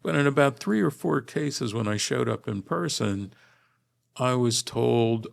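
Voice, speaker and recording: A man from Los Angeles, a visiting linguistics professor, telling his story in a measured, articulate podcast interview. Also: medium pitch, vocal fry. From Los Angeles, USA. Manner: measured, articulate academic delivery.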